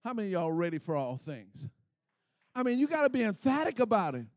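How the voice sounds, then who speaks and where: A high-pitched middle-aged male preacher delivers a sermon in a rising call-and-response style. He calls out to the congregation and swells into shouts at his peaks. The sound is close and dry, with no room echo. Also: sing-song, moderate pace.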